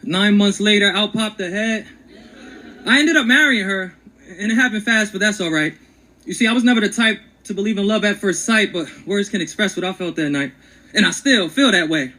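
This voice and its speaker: A man's voice: high voice, a little fast, sharp tone, poor audio. A man performing a rhyming spoken word story with a rhythmic, dramatic delivery. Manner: rhythmic, dramatic storyteller who acts out quotes.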